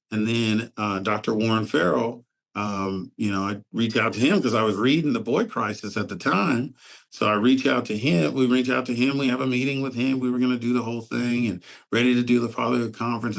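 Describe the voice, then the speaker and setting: A man's voice: medium pitch, creaky. A man in casual conversation on a podcast, telling a story about organizing a fatherhood summit and acting out the people he quotes. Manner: animated, acts out quoted voices.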